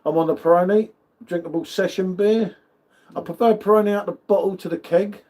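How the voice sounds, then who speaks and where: A man's voice: high voice, steady tone, a little fast, darkish tone. A man hosting a live beer tasting, chatting casually with matey banter and greeting viewers by name. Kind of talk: casual live-stream chat.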